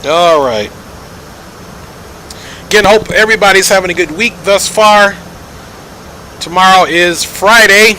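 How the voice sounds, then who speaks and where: A man talks through his flight sim session for a live stream in a loose, joking way, thanking viewers between callouts. His voice sits a bit high and sounds bright and forward. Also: unhurried, long pauses, a little hiss or hum, low-quality recording.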